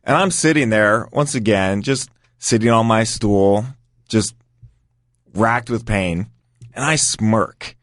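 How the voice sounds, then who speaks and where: A man's voice: lowish voice, slow pace, a bit bright, dry recording, studio quality. A man casually telling a story, acting out other people's lines. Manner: anecdotal, acts out quotes. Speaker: guest.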